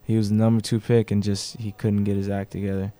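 A man's voice: fairly low pitch, level tone, fast talker, warm tone, clear, resonant tone. A man co-hosting a casual radio chat, laid-back, slangy and joking. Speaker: radio co-host.

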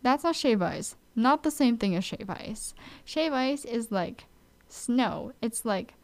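A young woman with a Hawaiian accent chats casually to camera. Her voice sits slightly high, and she takes her time, leaning hard on each word with animated, mock-exasperated emphasis. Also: takes it slowly. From Hawaii, Oahu. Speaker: vlogger. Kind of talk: casual chat.

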